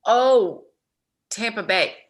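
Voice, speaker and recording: A woman's voice: fairly high pitch, extremely slow. A woman from Texas on a comedy panel, giggly and playful in casual banter.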